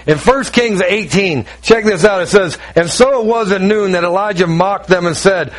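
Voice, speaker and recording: A man with a high voice preaches a sermon with emphatic, repetitive phrasing. He breaks off into quick asides to his listeners. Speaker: pastor.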